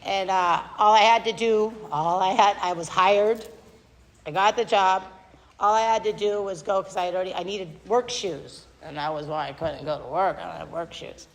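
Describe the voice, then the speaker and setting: A woman's voice: medium pitch, moderate pace. A woman giving a candid, self-deprecating recovery meeting share at a podium mic, rambling with many fillers. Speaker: AA speaker. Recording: long hall reverb.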